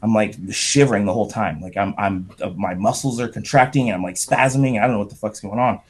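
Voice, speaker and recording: A middle-aged man, a podcast guest, telling a profane, animated story in casual talk. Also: fairly low pitch, fast, husky. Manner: profane, animated anecdote with shouted quotes.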